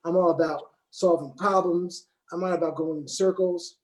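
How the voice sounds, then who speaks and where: A man talking calmly and deliberately in a casual discussion, often repeating words as he works out his point. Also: on the high side. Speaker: panel guest. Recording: echoey room.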